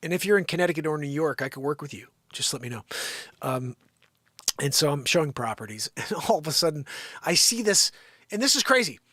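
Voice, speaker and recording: Animated, exasperated man on a live stream. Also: fairly high pitch, a little fast, dry recording, studio quality. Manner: animated and exasperated, peppered with mild cursing. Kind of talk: unscripted ranting storytelling.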